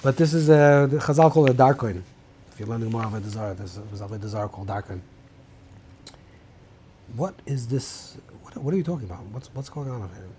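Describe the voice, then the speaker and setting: A man's voice: mid-range voice, expressive, fast, long pauses, dark tone, slight background noise. A man teaching a rabbinical class in an informal lecture style, thinking aloud with many restarts and mixing Hebrew terms into English.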